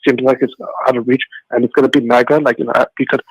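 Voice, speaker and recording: Male caller, husky and fast, rambles with endless fillers, dry sound. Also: mid-range voice, level tone, no room sound, poor audio. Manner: rambling, heavy "like, you know" fillers, stumbling restarts. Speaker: radio caller. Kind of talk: phone-in talk.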